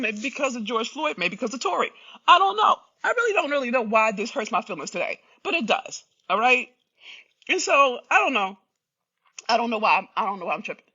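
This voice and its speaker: A woman's voice: high voice, sharp tone, highs cut off. A middle-aged woman coach talking straight to her live-stream viewers, emphatic and slangy, repeating pointed rhetorical questions. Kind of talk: impassioned live-stream monologue.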